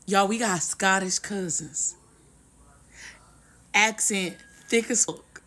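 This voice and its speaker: A woman in a casual social media clip, talking in a slow, laid-back, amused way. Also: medium pitch, sharp tone.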